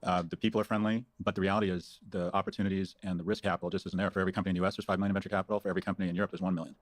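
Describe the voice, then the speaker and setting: A man's voice: deep voice, flat delivery, racing, no echo. A man from the United States talking as a guest in an interview, confident and blunt in his opinions. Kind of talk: conversational interview.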